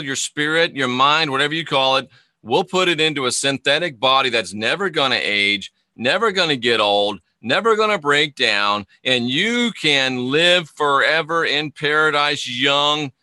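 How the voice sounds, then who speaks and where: A man doing a hushed, coaxing serpent tempter. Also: mid-range voice, no echo. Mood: coaxing sales pitch. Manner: coaxing, repetitive promises, hushed. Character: seductive serpent tempter, male, smooth-talking.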